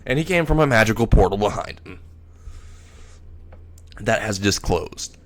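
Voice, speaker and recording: A man's voice: on the low side, expressive, normal speed. A man narrating a fan-made story in a casual, rambling way, restarting words and swearing casually.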